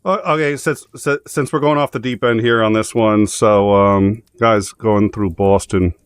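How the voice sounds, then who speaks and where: A man's voice: lowish voice, steady tone, measured pace, clear, resonant tone, no echo. A man hosting a casual chat show, telling jokes and stories in a rambling way with many restarts. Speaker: host.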